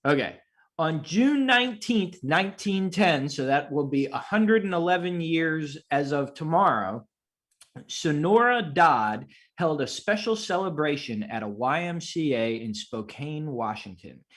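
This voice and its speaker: A man's voice: fairly high pitch, lively intonation, unhurried, a bit bright. A man hosting a casual trivia quiz, reading out questions and laughing along with the players. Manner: amused, laughs often while reading.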